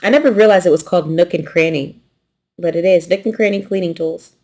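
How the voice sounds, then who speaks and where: A woman with a light Southern US accent, hosting a quilting channel and chatting casually through an unboxing, relaxed and rambling, sometimes swallowing her consonants. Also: on the low side, a little fast. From New York.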